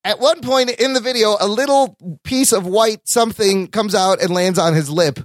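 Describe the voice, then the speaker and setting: Upbeat high-voiced man hosting a podcast. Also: normal speed, dry recording, studio quality. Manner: upbeat, swears casually, laughs often. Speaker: podcast co-host. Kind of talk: casual podcast chat.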